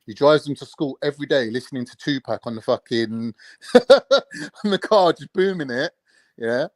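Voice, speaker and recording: A man's voice: medium pitch, expressive, normal speed, no echo. A man, chatty and jokey, talking with friends on an online panel and slipping between slang and proper speech. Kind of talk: casual online panel chat.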